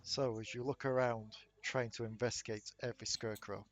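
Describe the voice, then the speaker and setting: A man narrating a tabletop game as game master, in a measured, atmospheric way. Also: medium pitch, level tone.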